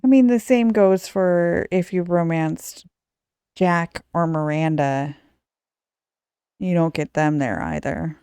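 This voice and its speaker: A woman's voice: lowish voice, slow, mellow, clean tone, no echo, studio quality. A woman hosting a casual podcast, chatty and laughing often. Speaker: podcast host.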